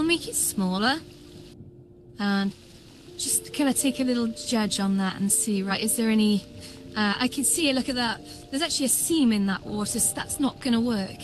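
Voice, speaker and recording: A woman livestreamer giving excitable building commentary, thinking aloud with lots of fillers. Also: a little high, rough recording. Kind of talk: live-streamed world-building commentary.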